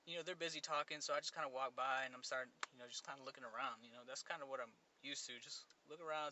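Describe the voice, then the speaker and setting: A man's voice: medium pitch, pushed and bright, muffled recording, a little hiss or hum. A young man hosting a podcast, telling a casual story with lots of fillers and restarts. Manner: rambling, many fillers and restarts. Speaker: podcast host.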